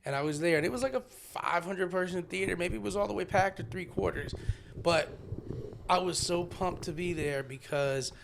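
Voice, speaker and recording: A stand-up comedian co-hosting a podcast, an animated storyteller who swears freely in casual chat. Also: male voice, sits high, normal speed, vocal fry, slight background noise.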